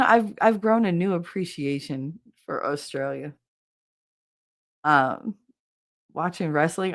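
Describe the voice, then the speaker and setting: A woman from the northern United States chatting casually on a livestream, telling a blunt, jokey, rambling family story. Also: mid-range voice. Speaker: streamer.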